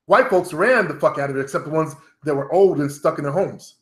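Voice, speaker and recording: Middle-aged male vlogger, profane and blunt, rambling monologue, slightly higher voice, echoey home room. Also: brisk. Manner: blunt and profane, talks to viewers directly. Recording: roomy echo.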